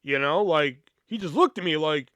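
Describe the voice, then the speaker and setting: A man with a fairly high voice tells a meandering story from his school days. He swears constantly, pads his sentences with filler words and keeps restarting them. The sound is dry, with no room echo. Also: expressive, normal speed, a bit bright. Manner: rambling, heavy swearing, many fillers. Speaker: podcast host. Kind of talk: casual storytelling.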